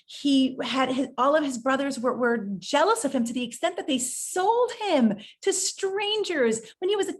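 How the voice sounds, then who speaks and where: A woman speaking as a rebbetzin, giving an inspirational talk in an interview and telling stories with animated quoted voices. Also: sits high.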